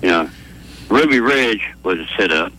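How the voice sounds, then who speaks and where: A man calling in to a sports talk radio show, talking in a slow, deadpan, rambling way. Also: low-pitched, a little hiss or hum, rough recording. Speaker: caller. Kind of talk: call-in chat.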